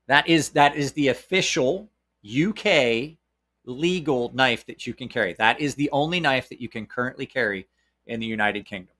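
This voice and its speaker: A man's voice: mid-range voice, normal speed, pauses often, a bit bright. A man with a Southern American accent chats casually about gear in a mid-range voice. He is blunt and opinionated, and swears without hesitation. His sentences often stall and restart before he gets to the point. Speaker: knife channel host. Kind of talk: casual live-stream chat.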